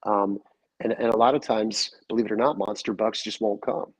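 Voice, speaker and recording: A man's voice: on the low side, moderate pace, no room sound, low-quality recording. A man talking casually as a guest, telling stories and acting out the quoted back-and-forth. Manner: animated storyteller, acts out quoted dialogue. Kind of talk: casual chat. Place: call-in or remote line.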